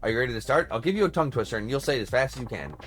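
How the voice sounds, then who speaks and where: A prim and pushy language-school teacher from a video game , read aloud by a man at a brisk clip. The voice is formal and salesy, middle-pitched, with soft game music playing underneath. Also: animated, lightly acted.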